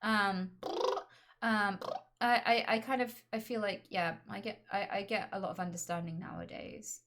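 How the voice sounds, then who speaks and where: A woman streamer in casual chat on a call, frank and chatty, with sudden loud blurts. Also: medium pitch, fairly even intonation, normal speed.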